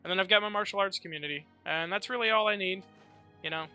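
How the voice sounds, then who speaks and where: A man's voice: sits high, fast, pushed and bright, clear, resonant tone. A man streaming a fantasy game, chatting casually and swearing hard at enemies. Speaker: gaming streamer. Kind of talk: live gameplay commentary. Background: game music.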